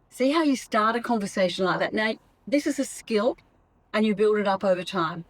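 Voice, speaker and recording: A woman's voice: mid-range voice, expressive, brisk, low-quality recording. A middle-aged woman hosting a solo podcast on coaching couples, chatty, often acting out sample lines a partner might say.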